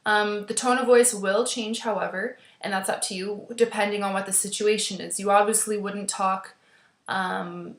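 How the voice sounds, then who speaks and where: A woman teacher speaks to her webcam in a recorded class lecture, her voice sitting at a middle pitch. She talks in a steady, instructive way and often pauses on "um." The room around her sounds roomy and echoey. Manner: steady instructive delivery with frequent ums. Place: indoor room, seated in a chair. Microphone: webcam at desk.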